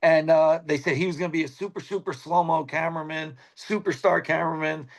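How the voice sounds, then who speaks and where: A man's voice: a little high, brisk, creaky. Rambling middle-aged man telling stories. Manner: rambling, animated, acts out quoted people. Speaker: guest, veteran sports cameraman. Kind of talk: casual anecdotal storytelling. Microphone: phone on a video call.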